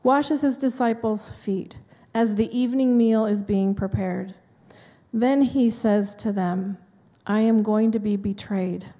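A woman's voice: mid-range voice, measured pace, dark tone. A woman pastor giving a sermon in a conversational, chatty way, with asides to the congregation. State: dry mouth from allergy medicine. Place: church sanctuary. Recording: long hall reverb in a church.

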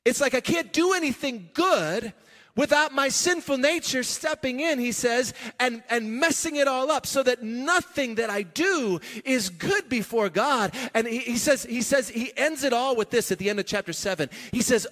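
A man with a high voice preaches in a church sanctuary, and his words ring with a long hall reverb. He talks conversationally and with emphasis, breaking into chuckles and starting lines over. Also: lively intonation, moderate pace, a bit bright. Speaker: pastor. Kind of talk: sermon.

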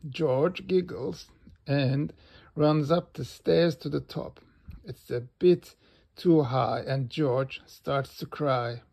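Slow, gravelly man reading a children's book. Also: medium pitch. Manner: slow and animated. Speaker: storybook reader.

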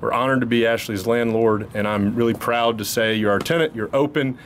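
A man speaks at a podium mic during a ribbon cutting ceremony, upbeat and welcoming. His voice is mid-pitched, and faint background noise is heard. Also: fairly even intonation, fairly quick. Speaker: landlord giving a speech. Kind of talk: ceremony speech. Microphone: podium microphone.

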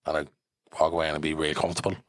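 Fast-talking Dublin man, low voice. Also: dry recording, studio quality. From Ireland. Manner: animated, swears freely, acts out quoted voices. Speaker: podcast guest. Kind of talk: casual storytelling.

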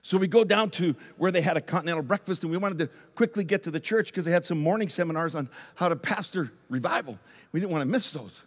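A man who is a pastor, telling a lively story in a sermon, moving from loud excitement down to hushed intensity. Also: fairly high pitch, fast talker. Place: church sanctuary. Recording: long church reverb.

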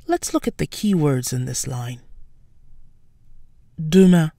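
A woman giving a scripted language lesson, explaining words slowly and carefully with French examples. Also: extremely low pitch, very animated, gravelly, dark tone, dry recording, clean studio sound. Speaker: French teacher.

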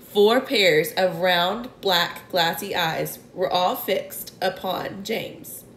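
A woman reading a children's novel aloud in an expressive way. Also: medium pitch, slight background noise. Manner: expressive, clears throat now and then. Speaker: reader. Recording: roomy echo.

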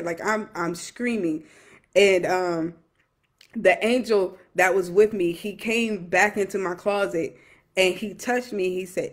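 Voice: mid-range voice, steady tone, a little slow. A young adult minister giving an emotional personal testimony, earnest and repetitive, with many fillers and restarts.

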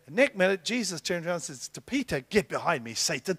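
Middle-aged male apostle, sermon, slightly high voice, animated storyteller who plays every character. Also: quick pace, slightly rough. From New Zealand. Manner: animated storytelling, acting out dialogue with big swings in loudness. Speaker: apostle preaching.

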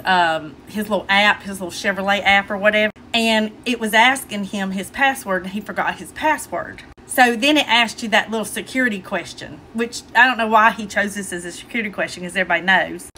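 A woman's voice: medium pitch, a little fast, bright, forceful tone, a little hiss or hum. A woman with a Southern US accent telling a funny story to her viewers in a casual chat. She keeps fighting back her laughter. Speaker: vlogger.

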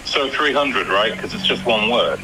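A man's voice: lowish voice, lively intonation, normal speed, background noise. A man on a call, speaking in a dry, matter-of-fact way.

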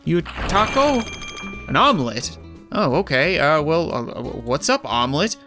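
A man's voice: a little high, big pitch swings, unhurried, over music. A man giving casual, joking gameplay commentary, rambling and self-deprecating as he plays. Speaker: gaming YouTuber.

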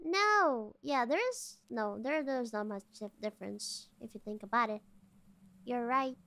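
High, bright-voiced excitable woman streamer. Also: a little slow, creaky, a little hiss or hum. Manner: excitable, jumpy, shrieks when startled. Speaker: VTuber streamer. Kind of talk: casual gameplay commentary. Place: at home.

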